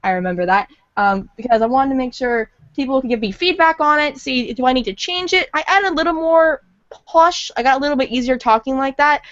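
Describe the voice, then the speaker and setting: A woman's voice: sits high, brisk, fairly bright tone, dry recording. A woman who is a fan voice actor, chatting casually and rambling a bit, on dull lo-fi audio. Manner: chatty, rambling, self-deprecating. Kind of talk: casual podcast chat.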